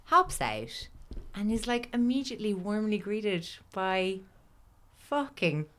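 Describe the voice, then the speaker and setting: A woman's voice: medium pitch, sing-song, slow. A woman hosting a podcast, telling a story in casual chat, full of fillers, swearing and laughter.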